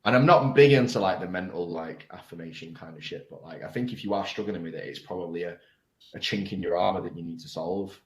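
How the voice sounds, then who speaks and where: Blunt, deep-voiced man. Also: fast. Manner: blunt and sweary, frank and conversational. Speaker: guest, online coaching business owner. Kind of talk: casual podcast interview. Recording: roomy echo.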